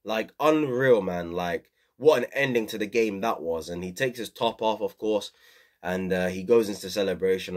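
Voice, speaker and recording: A man's voice: fairly low pitch, normal speed. A young man hosting a casual football review vlog, rambling and opinionated, full of fillers. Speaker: football channel host.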